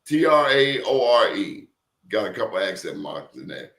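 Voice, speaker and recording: A man telling stories in a lively interview, acting out quotes and questioning his listener. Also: fairly low pitch, normal speed, vocal fry, echoey room. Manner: animated storyteller, acts out quotes, asks the listener questions. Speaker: guest. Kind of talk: casual storytelling interview.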